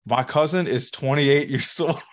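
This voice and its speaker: A man, co-hosting a podcast in casual, profane chat and telling rambling stories with laughs. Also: fairly low pitch. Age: 30s. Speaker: podcast co-host.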